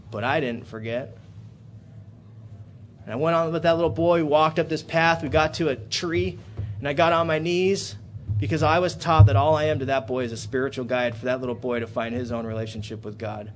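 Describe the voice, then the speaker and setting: A man in his thirties tells a personal story to a recovery meeting in a hotel hall. His voice sits a little high and rises into loud, animated bursts. A faint hum of the room sits behind him. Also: normal speed. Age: 30s. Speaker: AA speaker.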